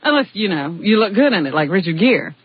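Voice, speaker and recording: A man co-hosting a radio show, tossing in quick quips, on a dull lo-fi radio broadcast. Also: high-pitched, sing-song. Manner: quick quips, laughs along. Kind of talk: casual radio banter.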